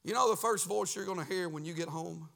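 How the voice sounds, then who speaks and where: Preacher, man, high and bright, sing-song delivery rising to shouts. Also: a little fast, creaky. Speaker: pastor. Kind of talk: sermon. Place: church sanctuary.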